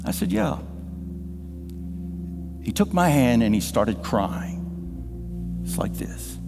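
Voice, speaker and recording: A man preaching a sermon as pastor, telling a personal story with emotion and sometimes dropping to a hush. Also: mid-range voice, sing-song, takes it slowly, music in the background. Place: church sanctuary. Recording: live church sound with long reverb. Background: band playing softly.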